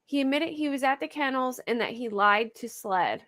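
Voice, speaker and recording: This woman's voice sits high and sounds animated and fairly bright at a moderate pace. Hosting a true crime livestream with a Philadelphia accent, she chats casually with live viewers, laughs often and is self-conscious about how she pronounces words.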